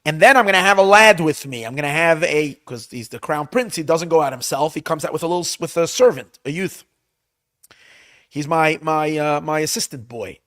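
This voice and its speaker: Rabbi guy telling a bible story, kinda high voice, gets loud acting it out, dry close sound. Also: a little fast, no room sound. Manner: animated storyteller, acts out lines loudly; restarts and repeats words often. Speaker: rabbi teaching a class. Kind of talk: retelling a Bible story with Hebrew translation.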